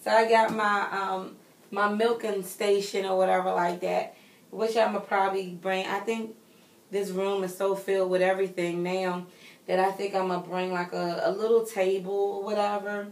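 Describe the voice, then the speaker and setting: Pregnant woman vlogger, chatty and expressive, addressing viewers, echoey room, mic placed a bit far off. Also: medium pitch, normal speed. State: heavily pregnant. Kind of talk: casual chat to viewers. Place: home nursery room.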